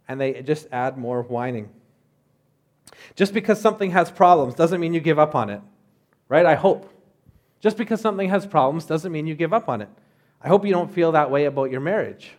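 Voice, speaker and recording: A man in his thirties preaching a sermon as a pastor, in a conversational way with rhetorical asides. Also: a little high.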